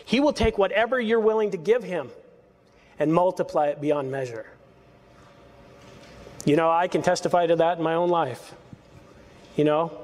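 A man preaching a verse-by-verse sermon as pastor, talking in a conversational way with sarcastic asides and quick laughs. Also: fairly high pitch, darkish tone. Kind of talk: expository sermon. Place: church sanctuary. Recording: hall reverb.

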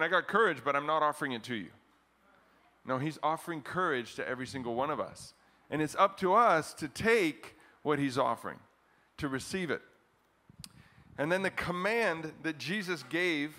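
A middle-aged man preaching a sermon as pastor to his congregation, animated, often chuckling, with his voice jumping up for emphasis. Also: mid-range voice. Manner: chants a scripture refrain slowly, leading the congregation. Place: church service in front of a congregation.

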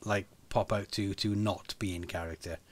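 Chatty man with a low voice. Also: steady tone, moderate pace. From United Kingdom. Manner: chatty, laughs often, repeats words while thinking. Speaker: podcast co-host. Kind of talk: casual chat.

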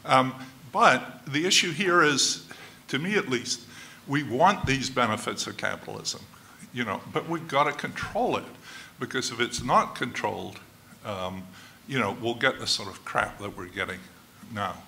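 A man's voice: mid-range voice, normal speed, vocal fry, bright, forceful tone, slight background noise. An older man speaking in an academic panel discussion, thoughtful and hesitant with many fillers. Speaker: seminar discussant.

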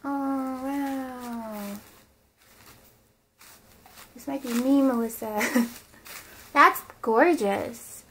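A young woman with a Midwest American accent, chatting excitedly as she opens fan mail for her vlog and talks to her dolls. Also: high voice, drawn-out words, pauses often, noisy background. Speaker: vlogger opening fan mail. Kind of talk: casual vlog unboxing.

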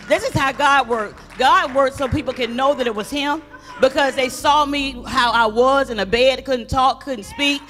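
Woman guest preacher, animated testimony, bright, forceful delivery, echoey church hall, faint music behind. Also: sits high. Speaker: guest speaker. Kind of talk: sermon testimony.

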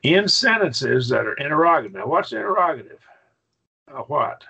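A man's voice: fairly high pitch, very animated, normal speed, vocal fry, bright, forceful tone, slightly rough. A man teaching a Bible Greek grammar class in a church classroom, explaining patiently and checking that students follow. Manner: explanatory, checks understanding with "right?".

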